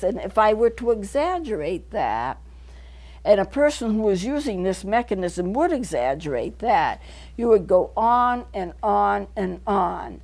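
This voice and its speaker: A middle-aged woman counselor talks from a local TV studio. She explains each idea earnestly, going back over it so the point lands. Her voice sits at an ordinary middle pitch. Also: big pitch swings, unhurried, gravelly, darkish tone. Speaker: counselor hosting a local TV show. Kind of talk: teaching talk to camera.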